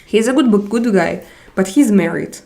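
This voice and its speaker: Woman streamer, slow unhurried talk, hesitant, chatting with viewers. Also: medium pitch, animated, vocal fry, mellow. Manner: hesitant, searching for words with many pauses. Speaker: livestream host. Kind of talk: casual livestream chat, reading comments aloud.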